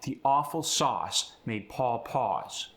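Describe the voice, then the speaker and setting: A male accent coach gives a tutorial, walking through sound changes one by one before reading a model sentence. He talks slowly and deliberately, with a bright, forceful, animated voice at medium pitch.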